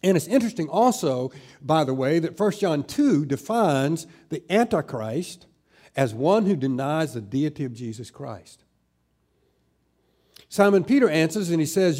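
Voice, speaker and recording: A middle-aged man preaching a sermon as pastor, slowing down and growing louder when he stresses scripture. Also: sing-song. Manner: slows down and rises in pitch and volume when stressing scripture.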